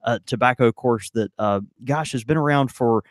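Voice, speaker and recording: A man co-hosting a pipe tobacco podcast in casual chat, quick to laugh and to chime in. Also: medium pitch, no room sound, studio quality. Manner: quick to laugh, chiming in with agreement. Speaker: podcast co-host.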